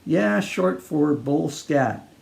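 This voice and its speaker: A man doing a tall, talkative Australian drifter, breezy and chummy, with a pitch that jumps up on the friendly greetings. The gravelly, mellow voice underneath keeps him relaxed. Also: drawn-out words, heavily acted.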